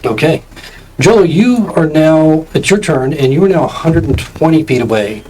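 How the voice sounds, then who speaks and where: A man's voice: fairly high pitch, lively intonation, a little mellow, a little hiss or hum, poor audio. Man narrating as game master. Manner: descriptive, with frequent "um" pauses while narrating.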